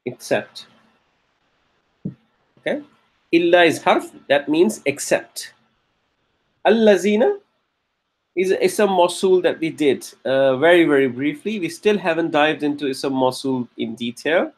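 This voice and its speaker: Husky male grammar teacher, patient. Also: on the high side, expressive. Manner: patient, checks in with frequent "okay?" and "correct"; slows down and stresses key terms. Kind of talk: classroom lecture.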